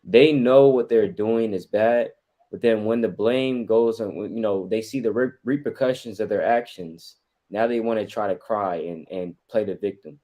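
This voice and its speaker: Low-voiced man adding casual remarks. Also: mellow. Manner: conversational, fillers, quick asides. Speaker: fellow street teacher. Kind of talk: casual commentary.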